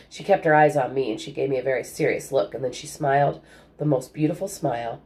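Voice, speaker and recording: A woman reading a children's novel aloud in an even, storytelling way. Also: extremely low pitch, quick pace. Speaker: audiobook reader.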